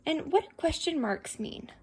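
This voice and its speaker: Lady teacher doing a reading lesson w a kid, kinda high voice, patient and praising. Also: lively intonation, normal speed, a little mellow. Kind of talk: one-on-one reading lesson with a child.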